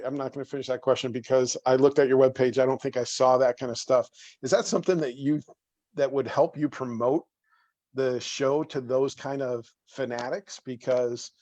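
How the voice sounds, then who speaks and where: A man's voice: mid-range voice, fairly even intonation, normal speed, darkish tone, no echo. A man hosting an interview, chatty and self-deprecating, asking rambling questions. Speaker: interview host. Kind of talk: casual interview chat.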